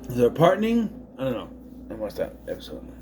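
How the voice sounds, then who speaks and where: A man giving a casual, rambling film review, full of puzzled asides and quick mocking impressions. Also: medium pitch, huge pitch swings, warm tone, slight background noise.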